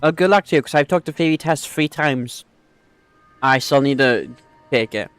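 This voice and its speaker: A man's voice: medium pitch, normal speed, fairly bright tone, smooth, no room sound, faint music behind. A man streaming a video game who chats casually with viewers, rambling and correcting himself as he goes. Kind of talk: casual gaming livestream chat.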